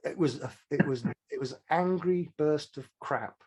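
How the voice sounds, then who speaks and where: Brief: older man, husky voice, frank storyteller who restarts his sentences. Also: a little high, unhurried, darkish tone. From Manchester, England. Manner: rambling anecdotes with restarts, frank. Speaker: songwriter guest. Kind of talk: casual interview storytelling.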